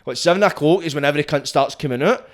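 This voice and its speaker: A young Glaswegian man hosting a podcast, chatting casually with fast, sweary banter. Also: a little high. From Scotland. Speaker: podcast host. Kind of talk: casual chat.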